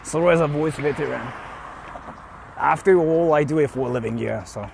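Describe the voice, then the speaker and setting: A man's voice: on the high side, moderate pace, vocal fry, a little hiss or hum. A young man chatting casually on a stream from a car, reading donations, playful and sweary.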